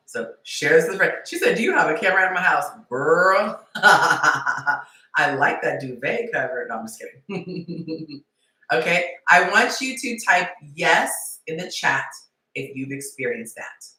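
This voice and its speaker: A woman hosting a live-stream dating talk, playful and animated, acting out little scenes as she coaches. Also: low voice, recorded from a distance. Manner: playful, acts out scenarios in quick character voices and whispers. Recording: echoey room, voice heard from off the mic.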